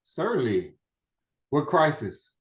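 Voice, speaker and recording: A man's voice: on the high side, very animated, slow. A man acting an online stage scene as a bewildered old friend, answering in puzzled short replies. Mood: baffled. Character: baffled, slow-on-the-uptake male old friend. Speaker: acting student. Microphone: video call. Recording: echoey room.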